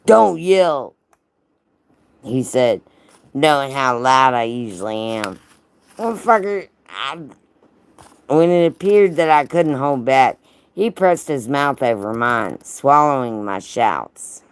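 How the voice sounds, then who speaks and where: A woman's voice: a bass voice, lively intonation, takes it slowly, clear, resonant tone. A woman hosting a livestream, reading a racy story aloud and breaking off to tease her chat with profane jokes and frequent laughter. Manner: profane, teasing, laughs often, talks to chat by name. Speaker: livestream host.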